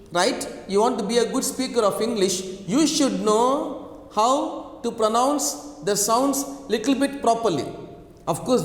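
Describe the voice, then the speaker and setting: A man with an Indian accent teaching English pronunciation, repeating each sound and checking in with his students with many fillers. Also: sits high. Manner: repetitive, drills sounds slowly, frequent fillers and check questions. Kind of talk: online lesson. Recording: echoey room, long reverb.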